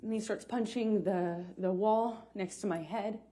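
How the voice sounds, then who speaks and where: A woman giving courtroom testimony as a witness, speaking haltingly with many restarts and pauses, sounding shaken. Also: medium pitch, fairly even intonation. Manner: quiet and shaken, voice rising with distress. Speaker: trial witness.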